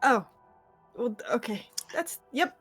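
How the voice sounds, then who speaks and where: A woman's voice: on the high side, expressive, unhurried, a bit bright, breathy edge, soft background music, full character voice. A woman voicing an awkward lounge host character in a tabletop game, stammering through a welcome. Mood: flustered.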